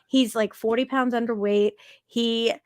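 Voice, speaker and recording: A woman with a fairly high voice tells stories in a gushing, animated rush, stumbling over herself and starting again. The sound is dry and close, with no room around it. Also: unhurried, no echo. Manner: gushing, animated storyteller with many restarts. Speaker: podcast guest, fellow show host. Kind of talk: casual conversation.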